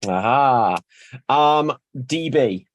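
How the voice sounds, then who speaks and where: Male improv host, unhurried delivery, dry sound, chuckles at puns. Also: medium pitch, animated, dry recording, dull audio. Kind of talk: casual improv hosting.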